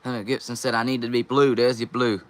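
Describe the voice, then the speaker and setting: A man's voice: medium pitch, little pitch movement, fast. A young man hosting a casual live stream, reading viewer comments aloud and answering them.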